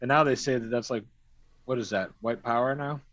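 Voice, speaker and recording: A man talks at a rapid clip as he hosts a loose stream conversation, rambling and cursing freely between laughs. The sound is dry and a little dull, like lo-fi stream audio. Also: medium pitch, fairly bright tone, no room sound. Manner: rambling, profane storytelling with frequent laughs. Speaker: stream host. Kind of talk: casual chat.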